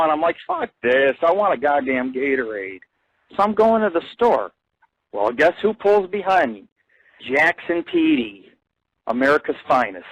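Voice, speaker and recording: A young adult man hosting an internet radio show, telling profane, rambling stories and ranting with loud outbursts. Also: poor audio. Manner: crude, ranting, swings between low mutter and loud outburst. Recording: dry close-mic internet radio.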